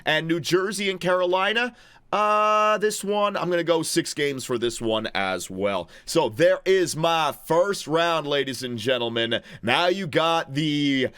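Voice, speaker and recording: A man thinking aloud as he fills out a hockey playoff bracket, chatting to viewers as ladies and gentlemen in an excitable way, with sudden outbursts and stammered restarts. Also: a little high, unhurried, few pauses, smooth, dry recording. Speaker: hockey channel host. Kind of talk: casual sports commentary while filling out a bracket.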